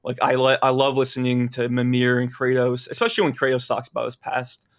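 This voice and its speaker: A man's voice: mid-range voice, level tone, brisk. A man in casual podcast chat, easygoing, talking with lots of filler words. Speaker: podcast guest.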